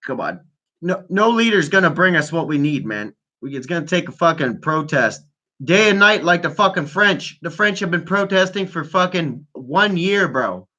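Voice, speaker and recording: A man's voice: a little high, animated, normal speed, sharp tone. A man hosting a casual call-in chat, freestyle rapping and rambling with heavy profanity, stoned. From Canada. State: high on weed. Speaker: host.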